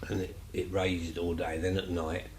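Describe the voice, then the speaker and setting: A man's voice: low-pitched, little pitch movement, moderate pace, reverberant, slight background noise, rough recording. A man telling stories casually, rambling and chatty with lots of fillers. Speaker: vlogger. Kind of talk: casual storytelling.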